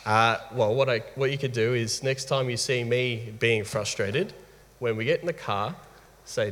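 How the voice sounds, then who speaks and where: A man in his thirties with an Australian accent, telling a candid personal story as a father, lively and laughing often. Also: mid-range voice, normal speed. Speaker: guest father. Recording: reverberant room.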